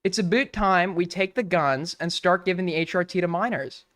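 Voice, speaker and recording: Preachy Canadian caricature, as a streamer puts it on. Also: male voice, sits high, normal speed, a bit bright. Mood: lecturing. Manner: lecturing, mocking. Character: preachy stereotyped Canadian man.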